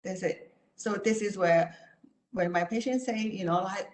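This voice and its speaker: A woman therapist giving an online talk and answering questions, speaking calmly and repetitively with many "you know" and "right?" asides. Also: medium pitch, a little slow, echoey room.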